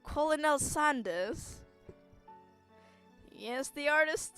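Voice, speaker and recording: A woman streamer playing a game on a close mic, reading the text aloud and reacting with loud exclamations. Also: mid-range voice, takes it slowly, long pauses, clean tone, no echo, soft background music, poor audio. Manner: animated, exclaims, laughs and wheezes at the game. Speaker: gaming streamer.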